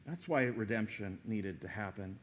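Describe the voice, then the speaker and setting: A man preaching a sermon as pastor in church, telling a story with lively acted-out voices. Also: on the low side, normal speed, slight background noise. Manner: animated storytelling, acting out quoted voices.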